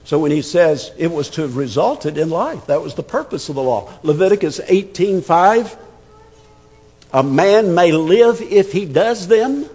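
A man's voice: on the high side, animated, unhurried, a little mellow, slightly rough, in a large hall. A man preaching an expository sermon, emphatic and conversational, repeating words as he thinks. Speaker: pastor.

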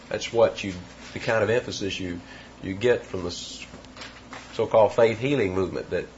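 A man's voice: fairly low pitch, normal speed, a little hiss or hum. Man preaching a verse-by-verse sermon, dull recording. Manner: teaching verse by verse, emphatic repetitions. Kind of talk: expository sermon.

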